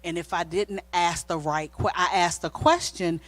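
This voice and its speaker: Woman, middle-aged, lowish voice, co-host of a marriage talk, casual sermon-style storytelling, acts out dialogue. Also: moderate pace, no echo. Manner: animated, acts out quoted dialogue. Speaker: pastor's wife co-hosting a marriage talk. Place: church sanctuary.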